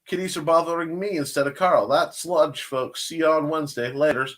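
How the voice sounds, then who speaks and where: A man's voice: fairly high pitch, brisk, fairly bright tone. A man hosting a casual live-stream chat show, rambling through plugs with jokey asides and self-corrections. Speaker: show host.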